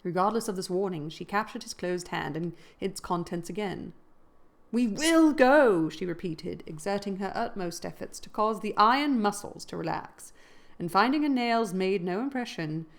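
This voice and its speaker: A woman's voice: mid-range voice, moderate pace. A woman reading a classic novel aloud. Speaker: reader.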